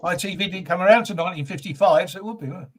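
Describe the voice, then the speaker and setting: A man's voice: high-pitched, rapid-fire, slight background noise. A man from the United Kingdom in casual podcast chat, reading out prices and names from old annuals. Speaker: podcast co-host.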